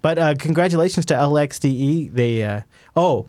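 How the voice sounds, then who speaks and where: A man's voice: a little high, animated, moderate pace, darkish tone, dry recording, clean studio sound. A man hosting a tech podcast in casual chat, rambling and laughing at himself. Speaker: podcast host.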